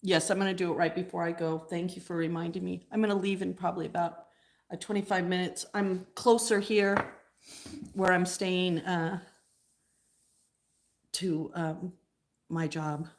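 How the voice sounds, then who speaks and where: A woman's voice: fairly low pitch, fairly even intonation, normal speed, long pauses. A woman hosting a casual live stream, chatting and answering viewer comments as she goes.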